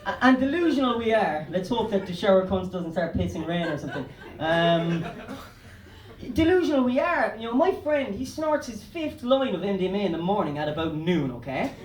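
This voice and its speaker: A man's voice: high-pitched, very animated, a little fast. An Irish man doing a stand-up comedy set, rambling loosely and swearing. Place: comedy club stage. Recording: roomy club, distant mic.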